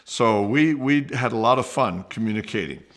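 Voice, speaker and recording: Man telling a lively personal story. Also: medium pitch, normal speed. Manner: lively, with restarts and acted-out quotes. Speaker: podcast host and storyteller.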